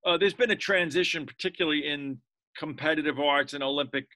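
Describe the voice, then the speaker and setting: A man's voice: on the high side, a little fast, sharp tone. A male interviewer who mostly gives short affirmations, then moves into a question. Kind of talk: interview conversation.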